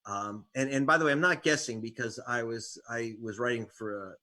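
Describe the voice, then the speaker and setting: An investigative reporter and author is the guest in an interview, speaking at a moderate pace in a pushed, bright, medium-pitched voice. His storytelling has a wry tone and sarcastic jabs.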